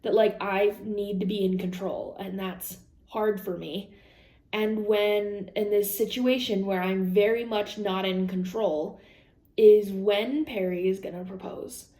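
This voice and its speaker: A young adult woman vlogs casually, rambling candidly, laughing a lot and quoting her own words and other people's. Her mid-range voice is warm and steady in tone, a little slow, in an echoey room.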